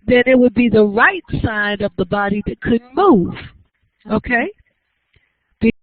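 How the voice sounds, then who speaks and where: A woman lecturing to a class, explaining each idea patiently and often pausing to ask whether everyone follows. The recording is dry and thin, with a narrow, phone-like sound. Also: fairly high pitch, dry recording. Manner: explanatory, checks understanding with frequent questions. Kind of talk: university lecture.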